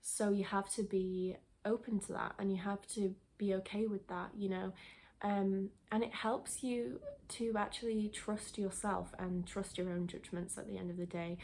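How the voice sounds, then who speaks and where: A woman's voice: mid-range voice, level tone, normal speed, a little mellow. A young woman vlogger chatting casually to camera, rambling with restarts and a bit out of breath. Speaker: lifestyle vlogger. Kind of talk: casual sit-down chat to camera.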